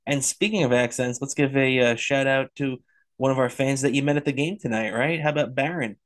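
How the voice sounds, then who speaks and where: A man co-hosts a casual sports podcast with a voice of ordinary pitch. He answers with short agreements, then moves the conversation on to the next topic. He talks plainly and easily. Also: fairly even intonation, a little fast. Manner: steers the talk, brief agreeing replies. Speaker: podcast co-host.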